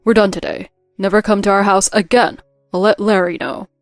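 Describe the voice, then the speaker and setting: A woman voicing angry grown men of a family, a son and a father, in a narrated drama story, with a shouting, confrontational delivery. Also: fairly high pitch, expressive, normal speed, no room sound, faint music behind, lightly acted. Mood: furious.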